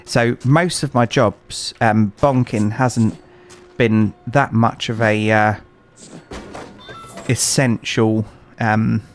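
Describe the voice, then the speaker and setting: Speaking extremely slowly in a fairly low, steady voice, a man chats with viewers while streaming a game from home. His talk is rambling, hesitant and filler-heavy, and his streaming mic catches slight background noise.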